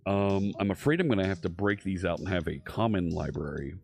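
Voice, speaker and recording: A man's voice: low-pitched, brisk, gravelly, darkish tone, soft background music. A man hosting a live coding stream, chatting casually and thinking aloud with frequent fillers and restarts.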